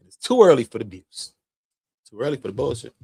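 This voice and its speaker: A man's voice: medium pitch, quick pace, gravelly, slightly rough, no room sound. Slangy man riffing on a live stream. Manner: animated, slangy, mocking impressions. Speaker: live commentary host. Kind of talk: casual commentary on a live stream.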